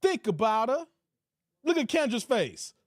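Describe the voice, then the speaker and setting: A man's voice: extremely high pitch, very animated, a little slow, no echo, clean studio sound. A man hosting a casual reaction stream, joking and reading out chat comments, repeating his catchphrases.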